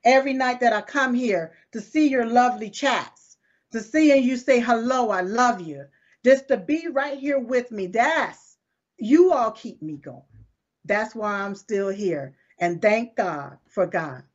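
Lady hosting her live show, talks emphatic and folksy, a bit higher pitched, muffled low-fi sound. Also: measured pace. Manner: emphatic, repetitive, folksy preaching cadence. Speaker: show host. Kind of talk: casual talk to viewers. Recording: dull lo-fi stream audio.

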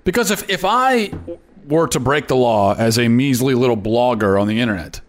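A man's voice: mid-range voice, expressive, normal speed. Guy hosting a commentary show, emphatic, keeps repeating himself for effect. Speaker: host. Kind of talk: opinion commentary monologue.

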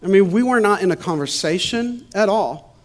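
A man's voice: sits high, expressive, moderate pace. A man casually telling a personal testimony, chatty and laughing often, shifting into preacher-like repetition on points of faith. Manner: chatty storytelling with frequent laughs and "you know".

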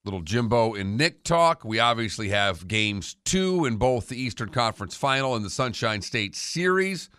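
A man co-hosting a sports radio show, giving steady, matter-of-fact analysis in casual sports talk. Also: medium pitch, moderate pace, hardly any pauses, clean tone, no room sound, studio quality.

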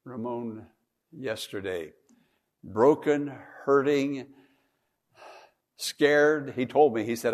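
A man preaching a sermon as a pastor, moving from hushed tones to loud pleading and repeating words. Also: medium pitch.

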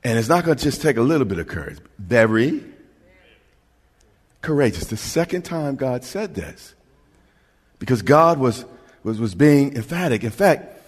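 A male preacher delivering a sermon emphatically, swinging from hushed lines to shouting. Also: medium pitch, very animated, moderate pace, pauses often, breathy edge. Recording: reverberant church hall.

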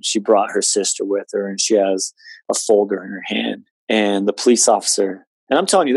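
Low-voiced guy telling his story, earnest, lots of "you know", dry close sound. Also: darkish tone, no room sound. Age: 20s. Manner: earnest, conversational, with many fillers. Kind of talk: personal testimony in conversation.

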